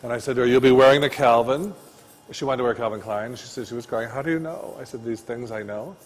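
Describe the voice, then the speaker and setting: A man teaching a floral design class, telling stories with loud bursts and quiet asides. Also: medium pitch, quick pace, big-room sound.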